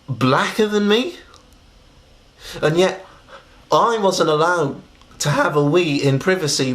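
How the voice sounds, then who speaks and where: Male comic, mid-range voice, tells a story to camera in a halting, falsely earnest way. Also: medium pitch, fairly bright tone. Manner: halting, stammering, many restarts. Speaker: comedian telling a story to camera. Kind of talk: mock-serious comic monologue.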